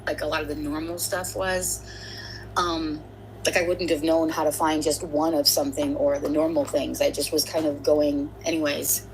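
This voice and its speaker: A woman's voice: low-pitched, level tone, moderate pace, a little hiss or hum, poor audio. A woman hosting a casual livestream, chatty and rambling as she greets and thanks viewers. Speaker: livestream host.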